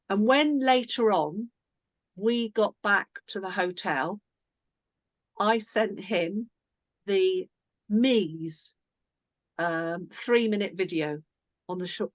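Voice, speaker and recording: Woman coach, conversational storyteller, mid pitch, dry close sound. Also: no room sound. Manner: chatty storyteller, self-interrupting. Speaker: team coach. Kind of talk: casual coaching talk with a story.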